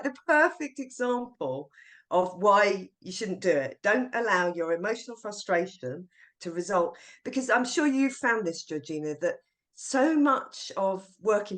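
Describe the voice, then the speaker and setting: Brief: middle-aged woman guest, lively storyteller, mid-pitched voice. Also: normal speed. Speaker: guest teacher trainer. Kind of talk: podcast interview.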